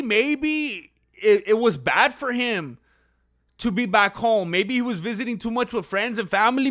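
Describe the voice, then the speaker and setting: A young man giving casual live reaction commentary on a fight, opinionated and talking straight to his viewers. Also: high voice. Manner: opinionated, talks to viewers, gets loud when excited. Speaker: fight watch-along commentator.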